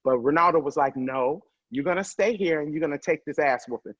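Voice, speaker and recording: Profane, animated woman comedian telling stories. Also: deep voice, breathy edge, muffled recording. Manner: loud, profane, quick to laugh. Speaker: comedian guest. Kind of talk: animated storytelling.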